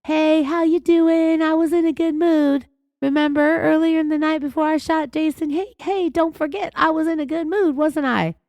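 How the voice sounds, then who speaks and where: A falsely cheerful woman suspect chirps in a sugary, pitchy sing-song, as a woman host puts her on. The voice climbs well above a plain speaking voice, and the sound is dry and close. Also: steady tone, normal speed, a little mellow, dry recording. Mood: mock cheerful. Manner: high, pitchy, mock-happy sing-song.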